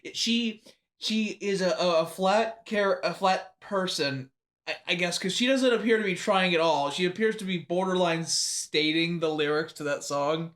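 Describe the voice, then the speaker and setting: A man's voice: high-pitched, normal speed, fairly bright tone. A man co-hosting a casual movie review chat, sarcastic and swearing often, laughing mid-sentence. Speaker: podcast co-host.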